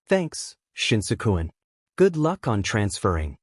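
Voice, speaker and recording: A man reading a fan story, voicing a tired, determined teenage boy who talks softly and hesitantly. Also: fairly low pitch, very animated, takes it slowly, slightly rough, no room sound, clean studio sound, heavily acted. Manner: soft, hesitant, mumbling.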